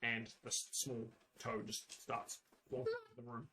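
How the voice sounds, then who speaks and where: A man with a New Zealand accent narrating a tabletop game as game master, halting and restarting often. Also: medium pitch, little pitch movement, background noise. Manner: halting, many restarts and fillers.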